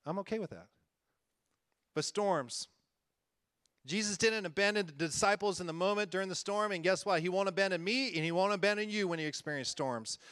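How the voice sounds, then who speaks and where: A man's voice: high voice, fairly quick, fairly bright tone, dry recording, clean studio sound. A man preaching a conversational sermon as a church-planting pastor, earnest and folksy, often chuckling and repeating himself.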